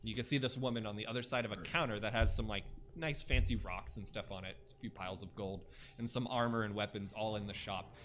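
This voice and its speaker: Serving as game master, a young man narrates a tabletop game, halting often and leaning on fillers. His voice sits on the low side with fairly even intonation and a fairly bright tone, over slight background noise.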